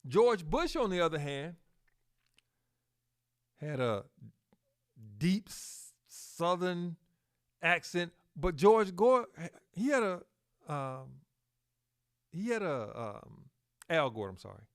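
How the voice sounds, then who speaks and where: A man hosting a solo podcast, talking slowly with fillers and self-corrections, and pushing up on key words for emphasis. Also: fairly high pitch, big pitch swings. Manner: slow, halting delivery with fillers and self-corrections. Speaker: podcast host.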